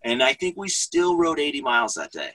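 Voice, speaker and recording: A man chatting as a guest, telling a story in an animated way and laughing often. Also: fairly high pitch, fairly quick, poor audio. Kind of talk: casual storytelling in conversation.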